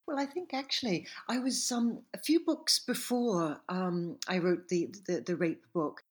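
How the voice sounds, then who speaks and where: A woman historian and author answering interview questions in a reflective, measured way, sometimes stopping to correct herself. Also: lowish voice, slightly rough.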